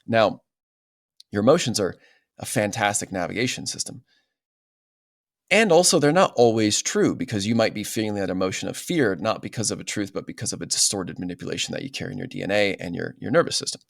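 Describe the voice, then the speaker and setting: A man's voice: fairly low pitch, fast talker, vocal fry, no echo, clean studio sound. A man as a podcast guest, talking in an earnest, explanatory way and often checking in with "right?". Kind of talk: casual interview talk.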